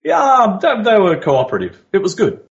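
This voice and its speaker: A man's voice: sits high, huge pitch swings, normal speed, creaky. Man on a dull lo-fi line. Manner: easygoing storyteller, dry humour. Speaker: podcast guest. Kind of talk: casual podcast interview, joke telling.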